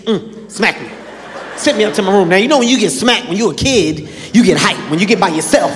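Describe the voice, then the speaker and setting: A man telling stand-up stories on a comedy stage, animated, acting out voices and bursting into shouts. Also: high-pitched, fast talker. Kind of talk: stand-up storytelling. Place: comedy stage before a live audience. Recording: echoey hall with a live crowd and noise.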